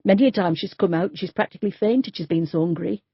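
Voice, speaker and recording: A woman's voice: mid-range voice, quick pace, breathy edge, no room sound, highs cut off. A woman doing a blunt street worker. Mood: gossipy. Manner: blunt, gossipy, earthy. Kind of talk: audiobook character voice.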